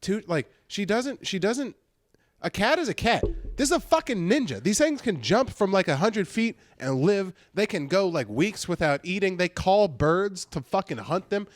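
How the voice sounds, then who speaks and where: Guy on a podcast ranting about a trip, pitch all over the place, dry close mic. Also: normal speed, dry recording. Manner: animated, swearing, mimics people in high voices. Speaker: podcast co-host. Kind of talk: casual chat, storytelling. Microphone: studio podcast mic.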